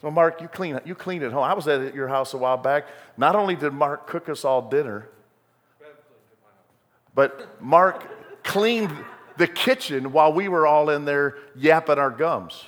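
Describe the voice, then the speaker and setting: A man preaching in a church sanctuary, his fairly high voice trailing off into a long hall reverb. He tells homespun stories in a folksy way and then climbs into emphatic bursts. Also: unhurried, a bit bright. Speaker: pastor. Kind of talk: sermon.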